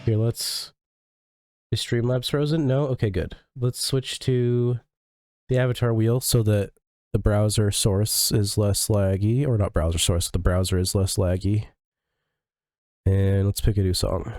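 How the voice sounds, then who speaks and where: A man livestreaming in casual, rambling chat, swearing a lot and sounding sick, coughing and clearing his throat often. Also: lowish voice, steady tone, measured pace, darkish tone, no echo, clean studio sound. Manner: profane, ranting, full of fillers. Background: faint music.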